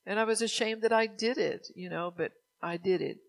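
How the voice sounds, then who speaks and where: An older man delivers a sermon in a high, gravelly voice. He keeps it conversational and full of everyday stories. He turns to the congregation with questions as he goes. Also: fairly quick. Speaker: preacher.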